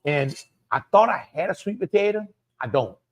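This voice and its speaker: A man's voice: high-pitched, lively intonation, normal speed. A man with a Cajun accent hosting a live cooking show, chatty, repeating phrases and addressing viewers by name. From Louisiana.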